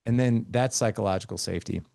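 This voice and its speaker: A man's voice: fairly low pitch, quick pace, gravelly, warm tone, no echo, studio quality. A man in his forties, a podcast guest, telling earnest stories about fatherhood and acting out talks with his kids. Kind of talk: conversational interview.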